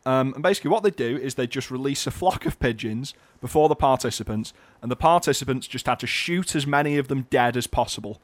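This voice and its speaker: A man's voice: mid-range voice, quick pace, hardly any pauses, no echo. Dry-voiced man co-hosting a radio show. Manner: dry, playful, deadpan jokes. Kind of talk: comedic casual chat.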